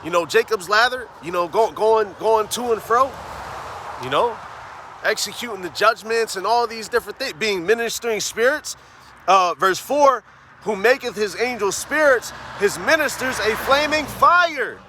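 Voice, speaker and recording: A man preaching on the street, fervent, tagging phrases with "man" and "all right?" and reading scripture slowly and emphatically. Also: high voice, expressive, noisy background. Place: outdoors on a city street.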